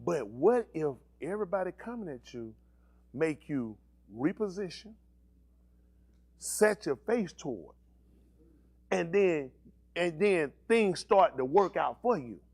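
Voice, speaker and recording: This male pastor preaches slowly with long pauses, his fairly high voice slightly rough. His animated sermon is full of questions for the congregation in call-and-response style, along with playful slang teasing.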